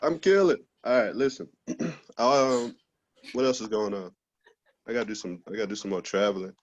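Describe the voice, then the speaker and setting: A man's voice: on the low side, normal speed, lo-fi sound, slight background noise. A man doing a loose, profane stand-up set over a video call, laughing at his own jokes. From Texas, USA. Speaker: stand-up comedian.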